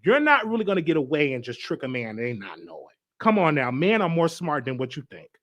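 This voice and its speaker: Animated, high-pitched male host. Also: quick pace. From United States. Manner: emphatic, repeats himself, reads out comments. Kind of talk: casual live-stream commentary.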